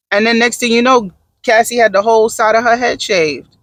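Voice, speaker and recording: A man doing sassy, animated gossip commentary in a casual vlog, with dramatic asides. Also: high-pitched, a little fast, dry recording. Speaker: vlogger.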